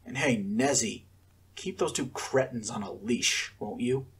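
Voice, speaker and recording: A man's voice: mid-range voice, unhurried, fairly bright tone, slightly rough. A man voicing a grumbling, sarcastic old former officer in a storybook. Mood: grumpy.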